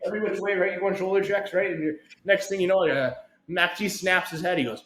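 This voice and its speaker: A man's voice: quick pace, slight background noise. A man co-hosting a podcast, telling a long rambling story full of fillers and acting out the quotes with big swings in his voice. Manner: animated, acts out quotes with big pitch swings, many fillers. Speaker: podcast co-host. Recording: roomy echo.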